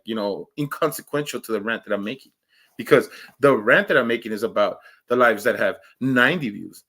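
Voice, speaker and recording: A man chatting casually to viewers on his livestream, joking and rambling, laughing often and swinging between loud outbursts and low mutters. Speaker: livestream host.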